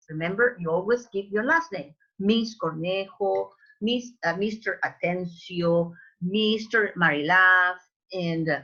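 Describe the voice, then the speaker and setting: A woman teacher, leading an online English pronunciation lesson, repeating words slowly for her students. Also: mid-range voice, fairly bright tone, breathy edge. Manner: drills sounds slowly, repeating words, calls students babies. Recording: dull lo-fi online call audio.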